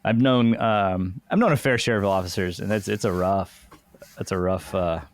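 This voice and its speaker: A man hosting a podcast in relaxed interview chat. He talks with an easygoing manner and leans on ums and uhs. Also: lowish voice, normal speed, no room sound. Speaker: podcast host.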